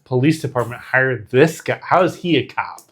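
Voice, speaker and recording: A man's voice: moderate pace, fairly bright tone, breathy edge. Rambling man recapping a movie. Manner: rambling, many fillers, quotes film lines in a low voice. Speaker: podcast co-host. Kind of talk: casual movie recap chat.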